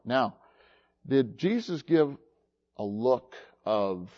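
Slow-talking man preaching a sermon. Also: fairly high pitch, animated, lo-fi sound. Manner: slow, halting storytelling with many fillers.

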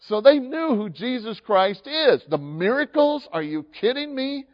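Animated preacher man in an echoing hall. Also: very high-pitched, a little slow. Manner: animated, shifts from hushed to emphatic, acts out dialogue. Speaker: pastor. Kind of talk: sermon. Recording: dull lo-fi sound with long hall reverb.

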